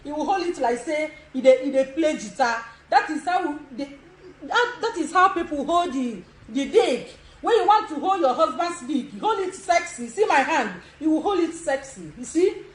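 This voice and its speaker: A woman's voice: high voice, animated, normal speed. A woman in her sixties with a Nigerian accent, giving bold instructions on a live video with frequent laughs. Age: 60s. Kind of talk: social media live demonstration. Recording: echoey room.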